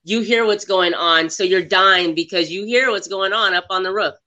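Bright-voiced woman retelling movie scenes. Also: medium pitch, moderate pace, highs cut off. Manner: animated retelling of scenes, quoting characters. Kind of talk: casual movie review chat.

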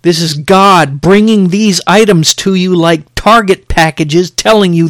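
A middle-aged podcast host preaches emphatically, exhorting listeners and repeating phrases to hammer his points home. His fairly high, fairly bright voice is unhurried and hardly pauses, recorded close and dry.

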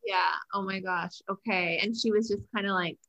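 A woman's voice: medium pitch, fairly even intonation, moderate pace, pushed and bright, lo-fi sound. A woman hosting a casual podcast chat, bubbly and enthusiastic. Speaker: podcast host.

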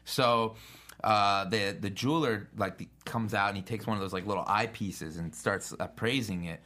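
A middle-aged man in a casual talk, telling stories and acting out the people he quotes. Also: normal speed. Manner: animated anecdotes, acts out quotes with big pitch jumps. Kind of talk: casual storytelling.

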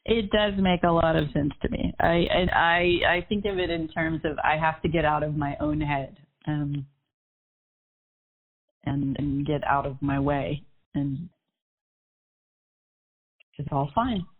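A woman taking part in a coaching call as the client, soft-spoken and agreeable. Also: low voice, fairly even intonation, a little slow, long pauses. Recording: tinny phone line.

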